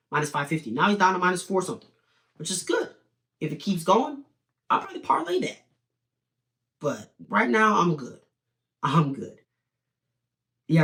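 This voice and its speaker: A young man giving opinionated, animated fight predictions in a casual video commentary. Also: a little high. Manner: opinionated, animated, talks in quick bursts with restarts. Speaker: sports betting and fight prediction host.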